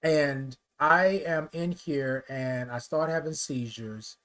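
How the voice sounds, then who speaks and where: A man's voice: fairly high pitch, takes it slowly. A man hosting a talk show, telling a personal story with emphatic, conversational delivery and speech. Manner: emphatic storyteller, addresses listeners as y'all, rises loud when telling the climax. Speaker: host.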